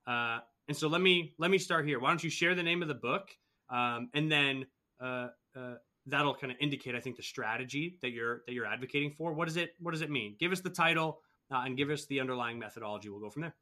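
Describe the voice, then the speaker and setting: Bright-voiced male host; casual, rambling interviewer. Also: mid-range voice, fast. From Boston area. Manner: loose, filler-heavy, trails off softly. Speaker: podcast host. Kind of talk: scripted intro then casual interview chat.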